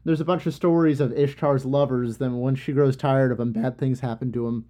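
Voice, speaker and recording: A man's voice: mid-range voice, fairly even intonation, brisk, warm tone, close to an everyday voice. A man doing a flippant, blunt hero-king. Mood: dismissive. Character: wary young hero-king, offhand and blunt.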